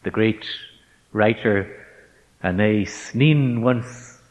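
A man giving a reflective faith talk to ministers, measured and emphatic, stretching out key words as he tells an anecdote. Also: fairly low pitch. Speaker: speaker addressing ministers. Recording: dull lo-fi recording in a reverberant hall.

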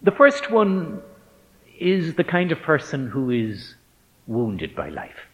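A man giving a reflective faith talk to ministers, measured and emphatic, stretching out key words as he tells an anecdote. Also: a little high, huge pitch swings, fairly bright tone. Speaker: speaker addressing ministers. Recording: dull lo-fi recording in a reverberant hall.

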